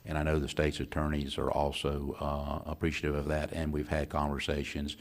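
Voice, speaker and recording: A man giving a county official's report at a public meeting, measured and pausing often with "uh". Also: a bass voice, monotone. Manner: measured, with many "uh" pauses.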